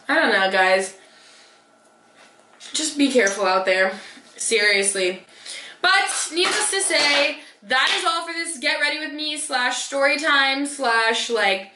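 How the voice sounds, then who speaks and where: A beauty vlogger in her twenties tells a dating story while doing her makeup, in a slightly high, pushed, bright voice at a measured pace with long pauses. She's chatty and sassy, swears freely, and says "like" constantly, and the room echoes noticeably.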